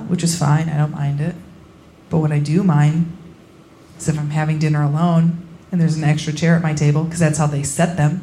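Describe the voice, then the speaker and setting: A young woman performing a live stand-up set on a club stage, blunt and crude, with deadpan punchlines into a handheld mic. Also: on the low side, noisy background. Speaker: stand-up comedian. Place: comedy club stage, laughing audience.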